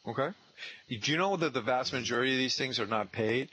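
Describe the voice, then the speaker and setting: A man coaching a trainee one on one on real estate prospecting, animated and acting out sales scripts. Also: medium pitch, fairly quick, slightly rough, poor audio.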